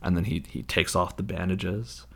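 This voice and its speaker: A man's voice: low voice, steady tone, moderate pace, gravelly. A man casually retelling a film scene, rambling and incredulous, with lots of fillers.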